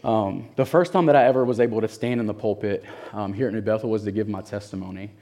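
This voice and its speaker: A young man in his twenties preaching from a pulpit, telling a personal story with laughs and lively quoted voices. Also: lowish voice, fast. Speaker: church speaker giving testimony. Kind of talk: sermon storytelling.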